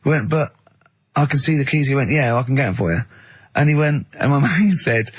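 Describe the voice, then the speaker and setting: A man's voice: mid-range voice, a little fast, breathy edge, no room sound. A man co-hosting a comic radio show, spinning rambling anecdotes and acting out both sides of each conversation. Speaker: radio co-host. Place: radio studio.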